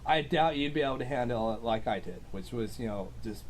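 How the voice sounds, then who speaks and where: A man's voice: medium pitch, expressive, brisk, a little hiss or hum. A young man telling his side of a clash in a casual, hesitant way, full of ums and likes. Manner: rambling, hesitant, with many fillers. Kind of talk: casual storytelling.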